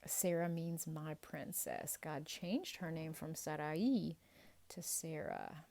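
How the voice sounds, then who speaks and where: A woman's voice: low-pitched, vocal fry. A woman leading a playful Bible quiz for children, drawing out each answer and cheering the kids on. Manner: playful, animated and encouraging, drawn-out answer reveals. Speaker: children's ministry teacher.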